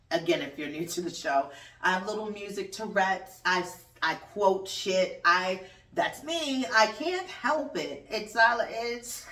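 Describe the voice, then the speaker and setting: Animated, swearing woman podcast host. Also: lowish voice, distant mic. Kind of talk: casual solo chat. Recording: roomy echo, off-mic.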